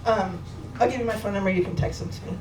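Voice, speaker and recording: A woman telling a personal story to an audience at a live gathering, lively and laughing, swearing freely. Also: medium pitch, fast. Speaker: speaker at a memorial gathering. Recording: roomy echo, distant mic, crowd noise.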